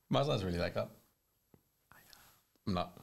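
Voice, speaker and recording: A man's voice: mid-range voice, a little hiss or hum. A man co-hosting a podcast, swearing through casual comedy banter. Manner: sweary, mock-apologetic banter. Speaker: podcast co-host.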